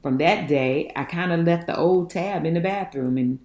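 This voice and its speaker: A woman, telling her life story in an interview, folksy and animated, laughing often. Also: fairly low pitch, normal speed. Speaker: guest. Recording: echoey room.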